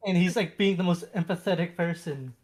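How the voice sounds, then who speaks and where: A man's voice: high voice, a little fast, a little mellow. A man on a casual movie podcast, recapping scenes bluntly with casual swearing. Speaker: podcast guest.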